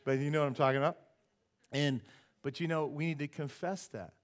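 A male pastor preaching a sermon in church, animated, firing rhetorical questions at the congregation and dropping joking asides. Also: a little high, brisk. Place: church sanctuary.

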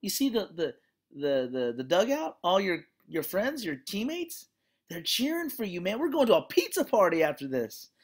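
Give me an eager youth baseball coach pleading with his son on the mound, his voice jumping high above normal speech, as a lecturer acts him out in a story. He repeats himself and keeps urging and reassuring. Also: big pitch swings, normal speed, husky. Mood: urgent pep talk. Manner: pleading, repetitive pep talk.

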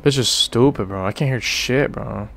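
A man's voice: medium pitch, normal speed, gravelly, a bit bright. A young man streaming a horror game, swearing a lot and calling everyone bro, yelping when scared and then muttering. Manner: jumpy, profane, says "bro" constantly. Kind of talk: live horror gameplay commentary.

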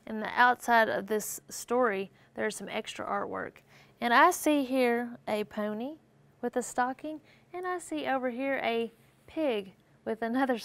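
Lively woman reading a storybook to kids. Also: fairly high pitch, vocal fry. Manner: animated, asks questions and answers for listeners. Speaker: teacher reading a picture book aloud. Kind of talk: storybook read-aloud lesson with questions to children.

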